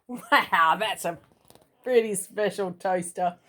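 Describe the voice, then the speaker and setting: A woman with a mid-range, fairly bright voice reads a children's storybook aloud to a child, taking her time. She sounds like a parent or relative, playful and chatty, tossing in little asides as she goes.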